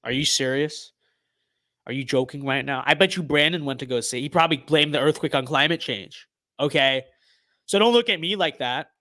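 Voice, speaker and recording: A man's voice: on the high side, moderate pace, no echo, clean studio sound. Sarcastic young man streaming a game. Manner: sarcastic, swings from muttering to excited outbursts. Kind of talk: casual gameplay commentary.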